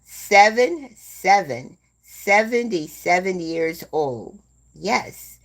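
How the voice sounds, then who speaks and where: A woman in her seventies hosting a live stream, chatting slowly and gently with viewers and calling them "my dear love.". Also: sits low, lively intonation. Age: 70s. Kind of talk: casual chat with live viewers.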